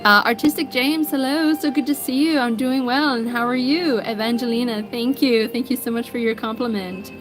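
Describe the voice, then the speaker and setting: A woman's voice: fairly high pitch, steady tone, normal speed, hardly any pauses. An American woman hosting an art livestream, greeting viewers by name and reading their comments in a friendly, casual chat. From United States. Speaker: livestream artist host. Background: background music.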